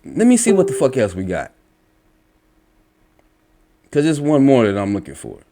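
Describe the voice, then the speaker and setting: In a dark-toned, medium-pitched voice that swoops wildly, a male religious commentator reads out online comments at a normal speed. He lectures about them bluntly and combatively in an angry, profane rant.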